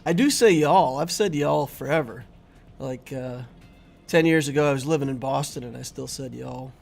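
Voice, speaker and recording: A man's voice: mid-range voice, moderate pace, gravelly, a little mellow, faint music behind. A middle-aged man hosting a gaming channel, chatting casually and easily with his viewers while he streams. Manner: chatty and easygoing, talking to viewers. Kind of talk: casual live-stream commentary.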